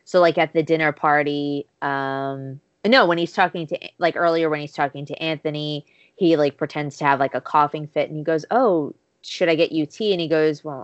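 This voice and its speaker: Recapping an episode as a podcast co-host, a woman animatedly retells scenes and voices the dialogue in a casual chat. Her voice is low and her pace moderate. There's no echo, but the highs are cut off.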